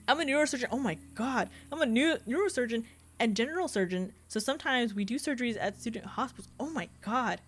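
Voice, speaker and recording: A woman's voice: on the high side, lively intonation, moderate pace, a bit bright, breathy edge. A young adult woman streaming a game, chatting casually and laughing often as she reads chat. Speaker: VTuber streamer. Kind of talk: casual live-stream chat while gaming.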